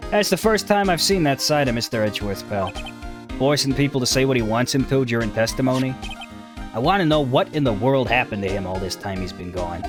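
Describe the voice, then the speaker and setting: A man voicing a gruff, loyal, middle-aged male police detective who keeps calling people "pal", in a game playthrough. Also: medium pitch, animated, brisk, music in the background, natural voice. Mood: concerned. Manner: drawls and ends sentences with "pal". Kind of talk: video game voice-over playthrough.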